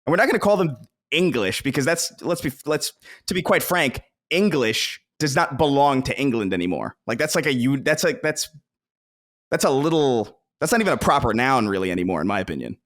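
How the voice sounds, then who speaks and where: A man co-hosting a podcast, talking in a halting, filler-heavy, wry way. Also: mid-range voice, sing-song, a bit bright. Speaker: podcast co-host. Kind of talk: casual chat.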